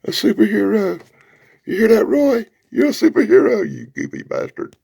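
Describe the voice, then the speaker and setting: A man's voice: sits high, moderate pace, gravelly, mellow, slightly rough, dry recording, clean studio sound, pitched above the performer's own voice, heavily acted. A man voicing a cocky male sorcerer superhero, with swaggering, mocking bravado while reading a comic book aloud.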